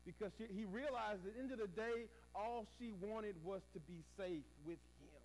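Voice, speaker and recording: High-pitched male preacher, sermon delivery, shifts between emphatic and softly narrated passages. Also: moderate pace, slight background noise, rough recording. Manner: builds to raised emphatic passages, then drops to quiet storytelling.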